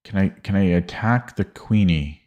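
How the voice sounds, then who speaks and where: Deep-voiced man muttering chess calculations. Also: normal speed, lo-fi sound. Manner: hesitant, muttering, many fillers and restarts. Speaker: streamer. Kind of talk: thinking aloud while solving chess puzzles.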